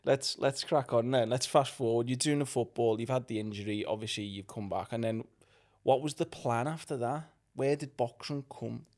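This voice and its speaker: A man hosting a casual interview, asking quick friendly questions with quips. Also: mid-range voice, darkish tone. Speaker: podcast host.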